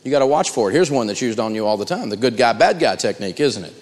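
A man giving a live seminar talk on negotiating, telling stories with animated delivery and acting out the quotes. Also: medium pitch, fast talker, in a large hall. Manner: animated storytelling, acts out quotes. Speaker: negotiation speaker.

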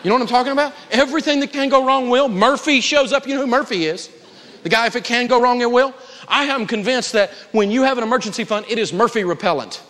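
A man's voice: extremely high pitch, quick pace, sharp tone, a little hiss or hum. A man teaching personal finance to a live audience, emphatic, humorous and folksy as he tells stories. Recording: reverberant lecture hall.

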